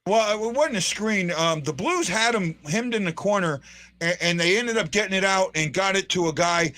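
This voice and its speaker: A man hosting a fan show, giving casual, rambling live hockey commentary with lots of restarts. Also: high voice. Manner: excitable, rambling, frequent restarts and fillers. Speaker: fan podcast host.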